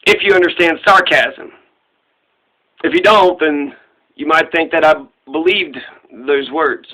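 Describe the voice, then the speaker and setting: Casting: high-pitched young American man, very bright and sharp tone, heated sarcastic ranting, swears constantly. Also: a little slow, rough recording. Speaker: vlogger. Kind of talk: profane ranting monologue.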